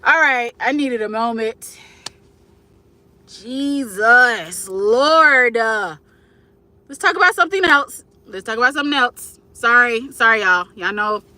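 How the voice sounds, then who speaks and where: Bright-voiced young woman chatting live. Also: fairly high pitch, animated, moderate pace, no room sound. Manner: candid, emotional, chatty with viewers. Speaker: livestream host. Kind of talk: casual livestream chat.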